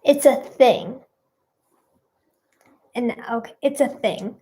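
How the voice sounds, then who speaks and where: A woman's voice: fairly high pitch, slow, mellow. A young woman hosting a casual live stream, chatting with viewers in a bubbly, rambling way with giggles.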